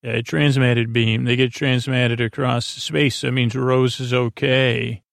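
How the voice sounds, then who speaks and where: A man casually recapping a story as a podcast host, halting and rambling with many filler sounds. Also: medium pitch, level tone, vocal fry, no room sound, studio quality.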